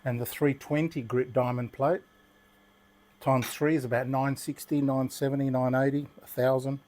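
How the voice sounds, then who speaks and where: A man's voice: medium pitch, level tone, normal speed, darkish tone, slight background noise. Chatty older Australian man. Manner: chatty, rambling, good-humoured storyteller. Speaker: knife sharpening channel host. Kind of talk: casual talk while demonstrating.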